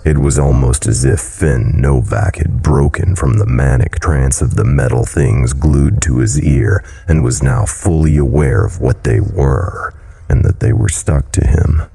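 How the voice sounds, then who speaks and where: A man narrating a horror story in a low, brooding delivery. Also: vocal fry, warm tone, husky.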